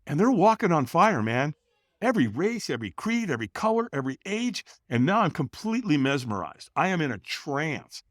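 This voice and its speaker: A middle-aged man from California, telling a personal story as a podcast guest with animated, dramatic delivery. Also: no room sound, studio quality. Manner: animated, acts out other people's lines with bursts of pitch and volume. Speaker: podcast guest, company founder.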